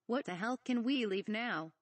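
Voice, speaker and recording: A woman voicing a fiery, short-tempered princess commander who talks in a sharp, exasperated way. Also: a little high, lively intonation, moderate pace, no echo.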